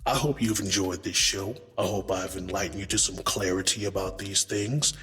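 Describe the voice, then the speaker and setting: With a low, somewhat bright voice and fairly even intonation, a man talks at a moderate pace as a relationship advice vlogger. He's casual and emphatic, curses freely, addresses men as brothers, and acts out quotes, in a big-room sound with faint music behind.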